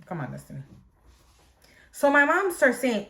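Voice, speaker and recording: A woman's voice: sits high, huge pitch swings, moderate pace, vocal fry, fairly bright tone, a little hiss or hum. A young woman vlogger telling a storytime tale in a chatty, dramatic way, full of fillers like "like". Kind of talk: storytime vlog.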